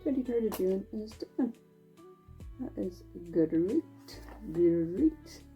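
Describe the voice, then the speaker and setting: With faint music playing behind a lo-fi recording, a woman with a mid-range, mellow voice talks slowly yet animatedly as she knits for her vlog. Her chat is rambling, drifting from thought to thought, full of fillers and self-corrections.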